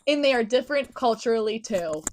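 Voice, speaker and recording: A woman's voice: on the high side, animated, a little hiss or hum. A young woman from Pittsburgh with a Pittsburgh accent, hosting a podcast in casual, emphatic chat. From Pittsburgh, Pennsylvania. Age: young adult. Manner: chatty, emphatic, with quick laughs. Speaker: podcast host, college student.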